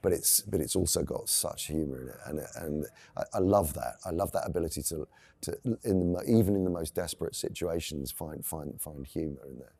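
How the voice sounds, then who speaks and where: A man's voice: very deep voice, fairly quick, gravelly, dark tone, breathy edge, dry recording. A middle-aged man, an actor being interviewed, answering earnestly and searching for his words. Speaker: actor guest.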